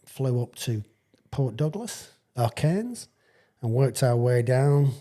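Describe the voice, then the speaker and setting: Man around 60, retired footy player spinning a yarn, husky warm voice, keeps restarting and chuckling. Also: mid-range voice, animated, takes it slowly. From England. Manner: rambling, chuckling storyteller with frequent restarts. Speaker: retired rugby league player, podcast guest. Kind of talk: casual storytelling anecdote.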